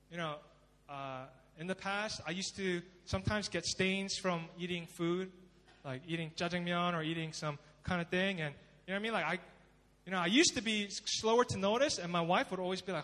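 Male pastor, high voice, dramatic sermon delivery, long hall reverb. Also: brisk. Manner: dramatic, swings from loud emphasis to hushed pleading.

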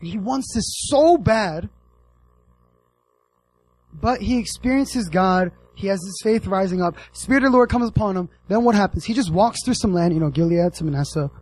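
Husky, animated young preacher man. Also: sits high, moderate pace, poor audio. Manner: animated, joking, addresses the audience directly. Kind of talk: casual sermon.

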